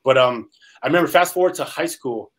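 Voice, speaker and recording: A man's voice: fairly high pitch, fairly quick, a bit bright, poor audio. A man from California, a former pro football player, telling his story as an interview guest, earnest and rambling with many "um"s. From Salinas, California, US.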